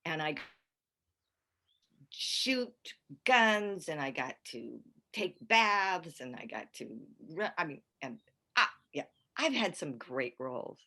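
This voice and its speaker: An older woman with a notably low-pitched voice talks as a podcast guest. Her casual chat rambles, with frequent restarts and easy laughter between stories. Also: sing-song, slow pace, bright, forceful tone. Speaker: guest actress.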